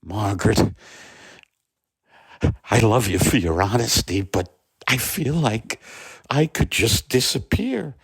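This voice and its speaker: An anxious middle-aged husband, played by a hoarse man in a comedy sketch, weary and pleading. His low voice is gravelly and rough and drawls slowly. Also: animated, exaggerated voice. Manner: weary, pleading, frets aloud. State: hoarse from bronchitis.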